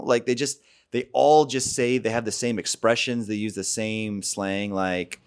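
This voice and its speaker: A man's voice: lowish voice, a little slow, few pauses, smooth. An American man ranting bluntly and off the cuff as the host of a dating vlog, opinionated and rambling. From United States. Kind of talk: casual off-the-cuff vlog rant.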